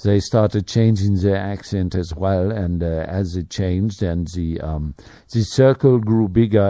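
A man with a low, deeply mellow voice delivers opinionated business commentary as a show host. He rambles, pausing often on fillers and circling back on himself. The sound is dry and close, with little room. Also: no echo. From Africa. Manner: rambling, many fillers and restarts.

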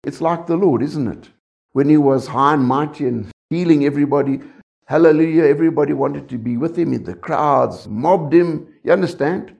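A man's voice: a little high, moderate pace, creaky, darkish tone, dull audio. A man preaching a sermon, talking conversationally and often checking in with the congregation.

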